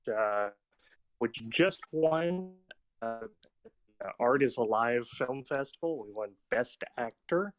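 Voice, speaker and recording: A man's voice: medium pitch, fairly bright tone. A man from Arkansas, a filmmaker guest chatting casually on a podcast, rambling with many fillers. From Arkansas, United States. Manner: rambling, filler-heavy, laughs easily.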